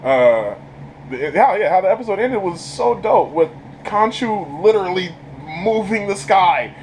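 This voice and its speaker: A man's voice: high-pitched, expressive, unhurried, darkish tone, slight background noise, low-quality recording. A man giving a casual, enthusiastic spoken review of a TV episode, rambling and laughing often. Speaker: YouTube show reviewer.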